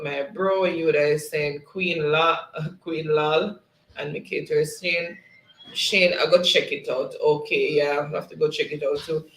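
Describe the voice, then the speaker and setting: A man's voice: a little high, fairly bright tone, roomy sound, rough recording. A man hosting a casual livestream, reading viewers' comments aloud in a friendly way and laughing often. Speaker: livestream host.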